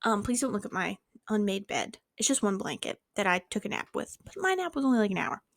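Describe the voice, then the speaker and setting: Animated young woman telling a story in a dry bedroom. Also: fast, no echo. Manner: animated, swearing, acting out quotes with big pitch jumps. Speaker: vlogger. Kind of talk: casual storytime vlog.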